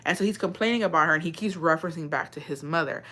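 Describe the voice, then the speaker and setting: A woman's voice: sits low, rapid-fire, a bit bright. A woman chatting casually and bluntly, swearing freely and dropping Spanish phrases into her talk. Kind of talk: casual chat.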